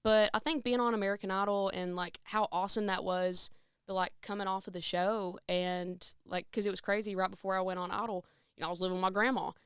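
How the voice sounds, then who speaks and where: A woman's voice: mid-range voice, fairly even intonation, quick pace, clear, resonant tone, dry recording, studio quality. A young woman, a singer and podcast guest, telling stories in casual chat with lots of fillers. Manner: chatty storyteller, lots of fillers, slips into quoted voices.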